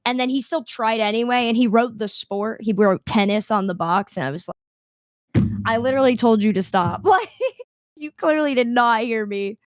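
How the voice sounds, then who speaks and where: A woman's voice: a little high, moderate pace, no room sound, clean studio sound. A young woman guest on a video call, chatting casually with laughs and acting out the people in her stories. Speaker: guest streamer. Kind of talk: casual interview chat.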